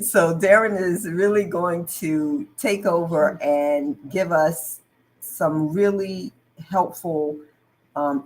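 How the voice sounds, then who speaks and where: On a rough recording, a low-voiced woman hosts a live online talk show. Friendly and filler-heavy, she sprinkles in plenty of "um"s and breaks off mid-sentence to greet viewers.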